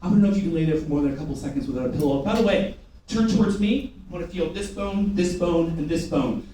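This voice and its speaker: Guy with a high voice coaching a sales team, lots of call and response, big echo far from the mic. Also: quick pace. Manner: energetic, rhetorical questions, call-and-response with the room. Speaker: sales trainer. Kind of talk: live sales training demonstration. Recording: echoey room from far off, faint noise.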